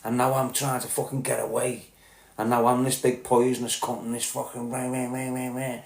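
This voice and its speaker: A man's voice: level tone, fairly quick, gravelly. Liverpool man, 30s, blunt profane podcast monologue, roomy echo. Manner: blunt and profane, swings between loud outbursts and low muttering. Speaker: podcast host. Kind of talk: candid monologue.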